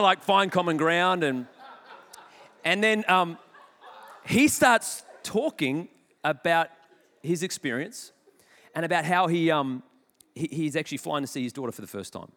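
Man, pastor, animated sermon storytelling, self-deprecating humor, slightly high voice, long hall echo. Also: normal speed, long pauses. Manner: animated, jokey, self-deprecating, with bursts of loudness.

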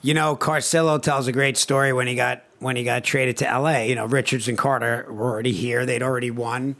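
A man's voice: medium pitch, flat delivery, fairly quick, a bit bright. A man co-hosting a podcast, a former hockey player telling chatty anecdotes with frequent laughs. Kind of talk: casual storytelling chat.

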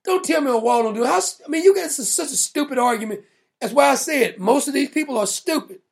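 A man's voice: extremely high pitch, animated, quick pace, creaky. A man hosting a political commentary show, mocking and blunt, laughing at his own jokes. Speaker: show host.

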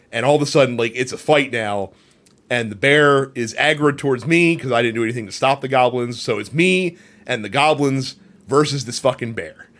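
Casual swearing male podcast co-host. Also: mid-range voice. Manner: rambling, animated storytelling with frequent swearing and filler. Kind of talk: casual chat.

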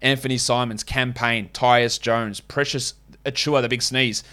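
A man's voice: medium pitch, fairly even intonation, moderate pace, sharp tone. A man with an Australian accent hosting a podcast, giving casual, blunt and opinionated sports analysis and swearing now and then. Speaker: podcast host.

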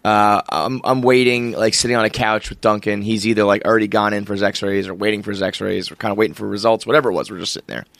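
A man's voice: on the low side, steady tone, fast talker, gravelly, few pauses, a bit bright, dry recording. A man chatting casually as a host, telling a rambling story, swearing freely and laughing often. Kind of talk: casual chat.

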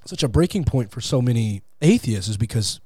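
A man speaking as a guest in a casual interview, animated and acting out quotes in different voices, on a close studio mic. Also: medium pitch, moderate pace, husky, dry recording. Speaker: podcast guest, atheist comedian.

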